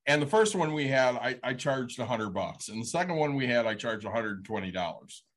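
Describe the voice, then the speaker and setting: Husky man chatting casually. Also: mid-range voice, animated, brisk. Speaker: rage room business owner. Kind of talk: casual podcast chat.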